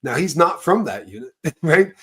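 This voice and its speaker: A man, host of an online call, telling a story in rambling casual chat that swings between loud bursts and low mutters. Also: sing-song, normal speed, breathy edge. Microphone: video call.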